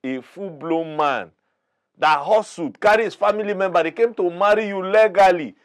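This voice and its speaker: A man's voice: high-pitched, normal speed. A man with a Nigerian accent, a guest in a talk-show debate, arguing his side in an emphatic, preachy way. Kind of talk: heated debate argument.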